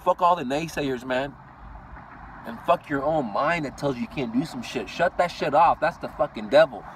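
A vlogger and business owner from Iran rants bluntly to motivate, cursing nonstop and ending lines with "dude." He talks at normal speed in a mid-range voice, far from the mic, with slight background noise.

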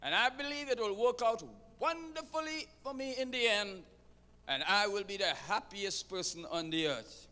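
Man, preacher, sermon, emphatic and dramatic delivery, pauses for effect, high voice, echoing church hall. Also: sharp tone. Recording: long reverb of a large hall.

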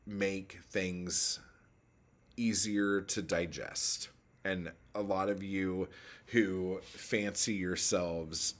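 A man talking casually about writing craft, blunt and profane, rambling with lots of filler words. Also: low-pitched. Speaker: poet giving writing advice. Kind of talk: casual talking-head vlog.

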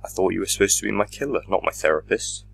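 A man's voice: low voice, quick pace, vocal fry, breathy edge, no room sound, voice pushed up, heavily acted. A man voicing a defiant, shaken male time traveler in a fan audio drama reading, speaking emphatically with a raised voice.

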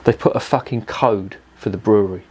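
Casting: bloke, lowish voice, rambling sweary beer-review rant. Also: male voice, steady tone, fairly quick, darkish tone, breathy edge. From England. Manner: swears constantly, rambling and exasperated. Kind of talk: casual profane rant.

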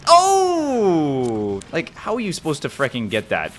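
A man talks through a video game in a loose, casual way, muttering to himself between sudden yelps. His pitch swings widely, so he sounds animated and easily startled. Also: a little slow, slight background noise. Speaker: gaming video host. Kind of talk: casual gameplay commentary.

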